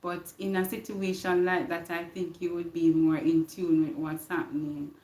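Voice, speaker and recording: A woman's voice: fairly low pitch, flat delivery, moderate pace, a little mellow, reverberant. A Jamaican woman hosting a casual live stream, greeting viewers by name and repeating her words. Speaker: livestream host.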